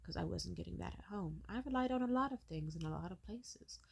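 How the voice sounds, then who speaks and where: Woman in her 20s, lowish voice, vlog rant, blunt and bitter with a lot of swearing. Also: brisk, gravelly, breathy edge. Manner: wide pitch swings when animated. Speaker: vlogger. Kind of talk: storytelling rant.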